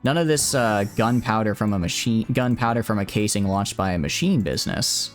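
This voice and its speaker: A gaming streamer with a lowish voice talks a little fast over a video game, with faint music in the background. His live-stream commentary is casual and rambling, full of joking asides and heavy swearing when he gets frustrated. His streaming mic is set to cap loud shouts.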